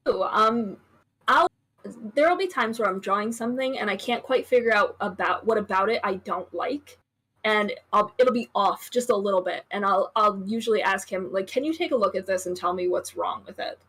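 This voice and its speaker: Husky-voiced woman, easygoing guest. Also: mid-range voice, moderate pace, fairly bright tone. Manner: easygoing, rambling, lots of fillers. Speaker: guest artist. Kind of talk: casual chat on a stream.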